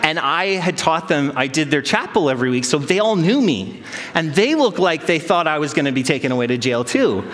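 Pastor preaching in a reverberant hall. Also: male voice, on the high side, a little fast. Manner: storytelling, self-deprecating, animated quoted voices. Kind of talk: sermon.

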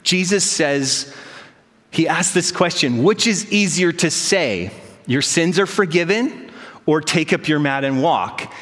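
Man, 30s, pastor giving a self-deprecating sermon in a church, slightly high voice, long hall reverb. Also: slow. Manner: storytelling, self-deprecating, animated quoted voices.

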